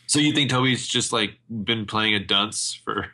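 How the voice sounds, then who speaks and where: A man's voice: lowish voice, measured pace, sharp tone. A man co-hosting a podcast in casual chat, playful and a bit hesitant. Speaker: podcast co-host.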